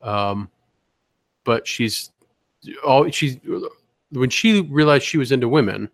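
A man's voice: mid-range voice, slow pace, no echo. A man co-hosting a podcast in rambling casual chat, full of fillers and asides. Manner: rambling, lots of fillers, does voices. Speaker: podcast co-host.

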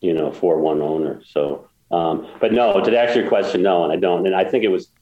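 A man's voice: deep voice, brisk, reverberant, muffled recording. A man guest telling a story in a casual interview, rambling with many restarts and getting emotional. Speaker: guest, golf course builder.

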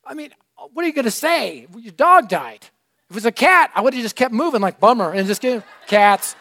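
A middle-aged male preacher telling a story in a sermon, energetic and animated, swinging from loud to hushed. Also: very high-pitched, moderate pace. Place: church room.

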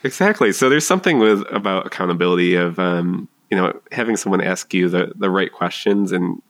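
A man speaking as a marketing consultant guest on a podcast, thoughtful and halting, often pausing to find his words. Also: low-pitched, lively intonation, fairly bright tone, no room sound. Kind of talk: casual interview chat.

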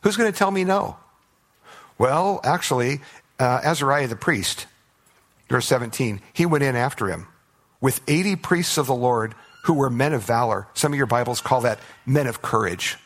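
A man's voice: medium pitch, normal speed. A man preaching a sermon, retelling Bible stories with playful acted-out voices for the characters. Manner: animated storytelling, acts out biblical characters in playful voices. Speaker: pastor.

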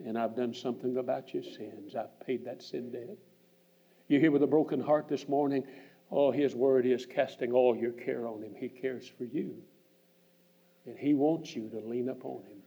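An older man preaching a sermon in a church, earnestly retelling a story and dropping into hushed, near-whispered passages. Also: medium pitch, fairly even intonation, normal speed, husky. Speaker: visiting preacher. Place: church sanctuary. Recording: muffled church archive recording.

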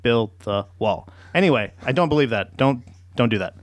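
A man's voice: mid-range voice, lively intonation, normal speed, no echo. A man co-hosting a casual podcast, joking loosely and swearing freely. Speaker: podcast co-host.

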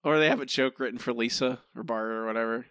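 A man's voice: mid-range voice, fast, a bit bright, clean tone, no echo, studio quality. A man co-hosting a podcast, ranting in exasperation about an episode and saying "like" a lot. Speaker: podcast co-host. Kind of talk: casual episode review chat.

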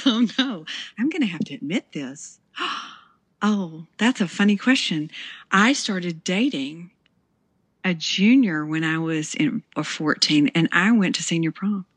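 A middle-aged woman telling a family story in a casual interview, acting out the dialogue with lively laughter. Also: lowish voice, measured pace, breathy edge, dry recording. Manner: animated, acts out quoted dialogue, laughs often. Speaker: interview guest. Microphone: handheld recorder.

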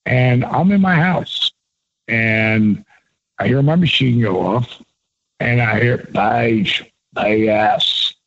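A man's voice: mid-range voice, lively intonation, takes it slowly, vocal fry, pauses often, fairly bright tone, dull audio, slight background noise. A man in his sixties, a former pro wrestler and guest, telling stories with profanity and emphasis. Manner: profane, emphatic, laughs often. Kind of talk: animated storytelling.

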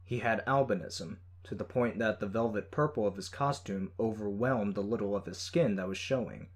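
A man reading a first-person story in a steady, measured way. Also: on the low side. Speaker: audiobook narrator. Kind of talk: scripted first-person narration.

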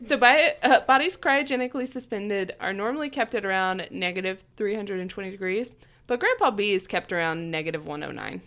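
A woman's voice: mid-range voice, expressive, a little fast, fairly bright tone. A woman hosting a casual chat, telling a story from her notes in a chatty, giggly way. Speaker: podcast host telling the story.

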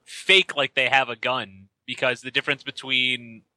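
A man's voice: medium pitch, flat delivery, moderate pace, pushed and bright, slight background noise, poor audio. A man guesting on a casual podcast, adding wry joking asides.

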